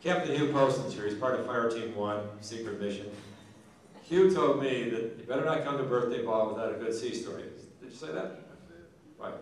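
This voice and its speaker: A man's voice: mid-range voice, moderate pace. A man giving an after-dinner speech at a banquet, telling a folksy joke and acting out its characters. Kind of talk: storytelling speech. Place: large banquet hall. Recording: echoey hall from far off.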